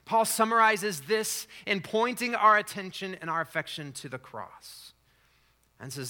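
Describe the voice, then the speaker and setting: Bright-voiced man preaching. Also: high voice, lively intonation, unhurried. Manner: conversational preaching with fillers and restarts. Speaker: pastor. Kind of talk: sermon.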